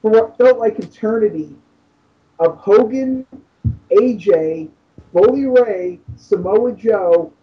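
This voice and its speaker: A man's voice: high voice, slow. A man co-hosting a casual podcast, making dry, sarcastic remarks. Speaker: podcast co-host. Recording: dull lo-fi mic.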